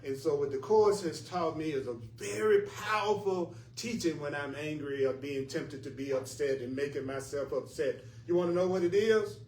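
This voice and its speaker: A man's voice: on the high side, moderate pace, hardly any pauses, a little mellow, a little hiss or hum. A man teaching a spiritual class in an earnest, emphatic way, often repeating his points. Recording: echoey room from far off, faint ambience.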